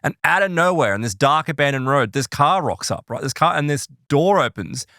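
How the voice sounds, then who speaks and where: Animated man in chat. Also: on the high side, dry recording, clean studio sound. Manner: chatty, quick to jump in with questions. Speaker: podcast co-host. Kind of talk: casual conversation.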